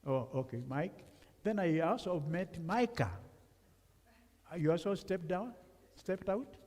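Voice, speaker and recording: A man from Africa preaches as a guest speaker, his voice fairly high and mellow. He talks with the congregation in a conversational way and asks them questions. The sound carries a long reverb from the church. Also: expressive, unhurried. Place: church sanctuary.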